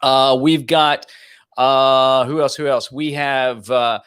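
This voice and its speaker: A man's voice: medium pitch, steady tone, takes it slowly, a bit bright, clean tone. A man hosting a live stream from his home office studio, chatting casually and greeting viewers by reading out their comments. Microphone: home office studio mic.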